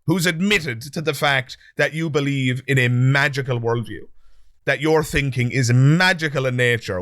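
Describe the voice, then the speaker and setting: A man hosting a podcast, giving sarcastic and animated commentary on audio clips and speaking to the listener. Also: mid-range voice, a little slow, dry recording, studio quality. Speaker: podcast host.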